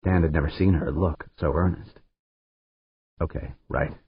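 A man narrates an audiobook in a low, husky voice that rises and falls freely. The sound is narrow and phone-like. There is no room echo at all. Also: steady tone, fairly quick. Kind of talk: scripted narration.

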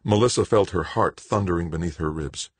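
A man narrating an audiobook in a steady, measured storytelling voice. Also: sits low, breathy edge, dry recording.

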